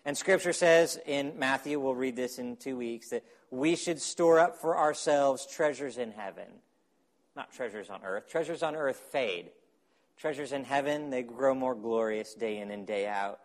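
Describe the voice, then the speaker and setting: A man preaching a sermon as pastor, animated, acting out quotes and dropping to quiet asides. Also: mid-range voice, measured pace.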